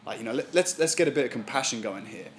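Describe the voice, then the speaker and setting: A man preaching an animated sermon in a church. His voice sits at an ordinary middle pitch and he lets scripture lines drag out slowly before acting out quotes. There is a faint hiss of noise behind him. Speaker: pastor.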